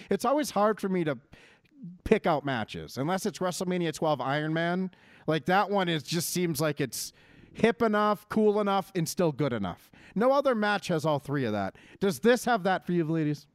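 A man's voice: a little high, animated, normal speed, dry recording, studio quality. Brash, profane man talking wrestling. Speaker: podcast co-host. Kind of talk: casual wrestling chat.

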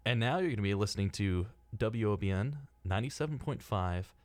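A man's voice: on the low side, animated, brisk, darkish tone, dry recording. A young man co-hosting a casual college radio talk show, rambling with lots of fillers and laughing often.

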